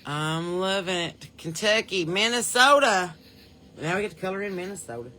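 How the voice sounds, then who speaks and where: A woman's voice: on the low side, lively intonation, normal speed, bright, forceful tone, slight background noise. Chatty Southern woman hosting a livestream. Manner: chatty, folksy, reads out viewers' names and places. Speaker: podcast host. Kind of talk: casual livestream chat greeting viewers.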